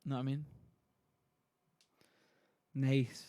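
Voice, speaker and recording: A man's voice: mid-range voice, little pitch movement, extremely slow, dark tone, no room sound, studio quality. A man streaming casually, chatty and self-deprecating as he reads a play to viewers. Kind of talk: casual livestream reading.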